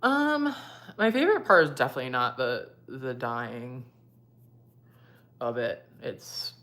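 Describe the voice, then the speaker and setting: A young woman with a low voice, chatting casually to her viewers while doing her makeup. She reads out their comments and talks back to them, easy and unscripted. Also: big pitch swings, a little slow, a bit bright. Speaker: beauty vlogger.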